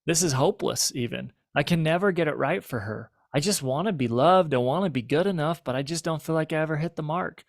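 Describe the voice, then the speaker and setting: A man's voice: on the high side, lively intonation, brisk, creaky, few pauses, dry recording, clean studio sound. A man voicing an anxious husband who doubts himself and pulls away. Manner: worried, self-doubting.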